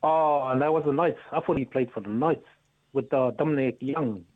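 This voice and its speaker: A man's voice: medium pitch, moderate pace. A man from New Zealand calling in to a radio show, friendly and easygoing. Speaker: caller. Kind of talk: phone-in chat. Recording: tinny phone line.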